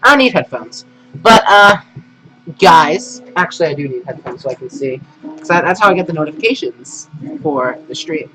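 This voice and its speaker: A man's voice: on the high side, expressive, normal speed, music in the background. A man hosting a casual live stream, rambling, humming and muttering to himself as he sets up. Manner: rambling, hums and mutters while setting up. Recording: noisy home stream audio.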